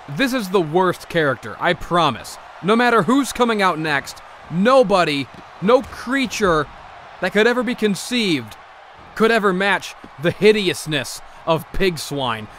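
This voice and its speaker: A man's voice: high-pitched, fairly bright tone. Brief: male comedy commentator, outraged and melodramatic, faint background noise. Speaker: mock wrestling commentator.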